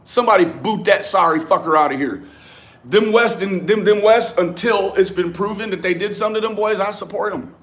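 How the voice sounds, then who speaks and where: A young man rants through a livestream, his voice sitting a little high for a man. He is confrontational and profane, snapping at commenters by name between his points. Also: a little fast, fairly bright tone. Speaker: livestream host.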